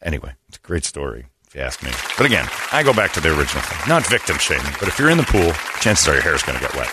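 Animated low-voiced man, mocking banter. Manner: mocking, jumps into high falsetto voices for the people in his stories. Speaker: podcast co-host. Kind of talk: casual comedic chat.

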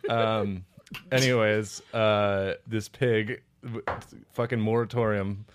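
A man's voice: fairly low pitch, fairly even intonation, slow pace, clear, resonant tone. A young man co-hosting a comedy podcast, telling a story and making crude jokes in casual chat. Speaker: podcast co-host.

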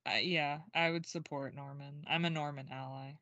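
A woman's voice: sits low, fairly even intonation, moderate pace, sharp tone, dry recording, highs cut off. A young woman co-hosting a podcast, talking casually and rambling with lots of filler words. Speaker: podcast co-host. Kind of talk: casual chat.

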